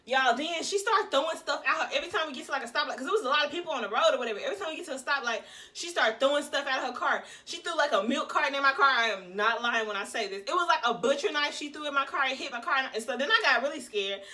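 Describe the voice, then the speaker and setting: A young woman tells a personal story straight to her viewers. Her voice sits high and sounds bright. She keeps the telling chatty and animated. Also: very fast, hardly any pauses. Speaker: vlogger. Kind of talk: casual storytelling to camera.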